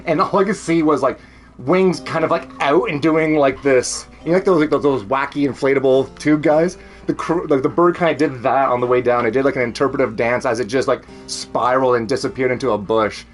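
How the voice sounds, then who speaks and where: Streaming casually from home, a Canadian-accented man chats with a brisk, mid-range voice while faint music plays behind him. He rambles, often laughs and swears freely.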